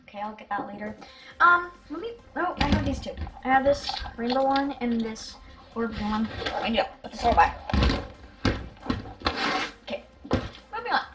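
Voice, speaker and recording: Bubbly high-voiced female vlogger. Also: normal speed, long pauses, over music. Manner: excitable and chatty, with giggles and gasps. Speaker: vlogger showing her toy collection. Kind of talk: casual show-and-tell vlog.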